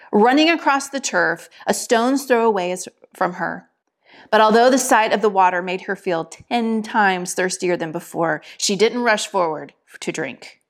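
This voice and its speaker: A woman giving a sermon and reading a story aloud in an expressive storytelling manner. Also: mid-range voice. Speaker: preacher or teacher.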